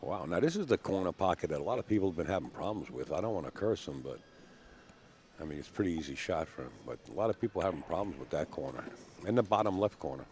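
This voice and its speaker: A man's voice: sits low, lively intonation, fast talker, darkish tone, slight background noise. A man doing enthusiastic, chatty live commentary on a pool match, telling stories between shots. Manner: enthusiastic, storytelling.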